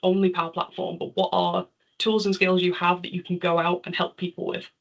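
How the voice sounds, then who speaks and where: A woman with a mild accent from near Liverpool speaks in a low, easy voice. She gives an online conference talk and answers questions in a chatty, self-deprecating way. The audio comes through a somewhat muffled video call line. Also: level tone, fairly quick. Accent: English, near Liverpool.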